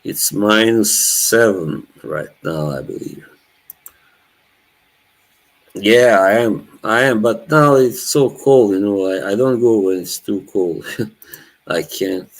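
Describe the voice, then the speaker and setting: A man's voice: fairly low pitch, slow pace, vocal fry, pauses often, poor audio. A man, chatting casually with his live chat as a streamer, laughing often. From Bosnia. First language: Norwegian. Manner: laid-back, laughs often, chats to viewers.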